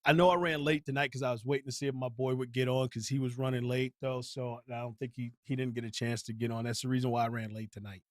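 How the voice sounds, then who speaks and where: A man's voice: mid-range voice, level tone, fast, few pauses, dry recording, studio quality. A man hosting a live stream, ranting bluntly about sports with heavy slang and repetition. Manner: heated, blunt, slangy, repeats himself. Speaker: channel host.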